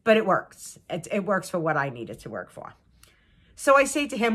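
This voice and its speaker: A woman's voice: mid-range voice, very animated, a little fast, fairly bright tone. A woman in her sixties telling a long story to her viewers in a chatty, exasperated way, with laughing asides. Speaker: vlogger. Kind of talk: casual storytelling to camera.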